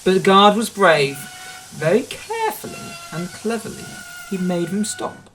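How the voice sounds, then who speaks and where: A man reading a children's storybook aloud in a gentle, expressive way. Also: sits high, measured pace, a little hiss or hum.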